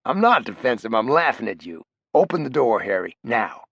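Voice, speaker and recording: A man voicing a brash, profane, big ex-criminal in an audiobook, loud and needling, his pitch jumping up. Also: sing-song, normal speed, creaky, breathy edge, dry recording, dull audio, exaggerated voice. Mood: mocking. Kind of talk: audiobook character voice.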